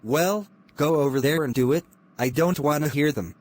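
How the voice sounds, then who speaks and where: A man's voice: fairly high pitch, moderate pace, darkish tone, lightly acted. A man voicing a grumpy, impatient male dog who talks curtly. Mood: annoyed. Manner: curt, irritated.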